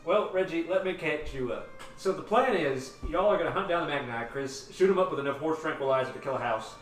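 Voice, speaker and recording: A game master voicing a greedy, smug company boss in a tabletop game, with a put-on drawl and a folksy, bossy, teasing manner. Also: male voice, a little high, expressive, fairly quick, natural voice. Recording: roomy and distant, music behind.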